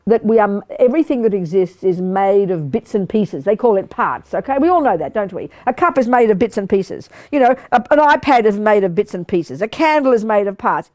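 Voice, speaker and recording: An older woman giving a lively Buddhist teaching to a live group, quizzing her listeners and talking bluntly and playfully. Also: mid-range voice, brisk, few pauses. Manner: animated, questioning the audience, blunt and playful. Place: meditation study group hall.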